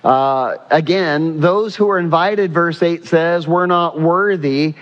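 A man's voice: fairly high pitch, takes it slowly, few pauses. Preaching man in an echoing church. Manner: emphatic preaching, rhetorical questions, repeated phrases. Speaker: pastor. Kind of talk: sermon. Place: church sanctuary. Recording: muffled sound with long hall reverb.

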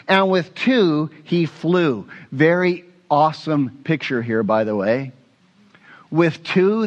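Man, pastor, sermon, expressive preaching, questions to the congregation, hushed prayerful asides, somewhat high voice, muffled lo-fi recording.

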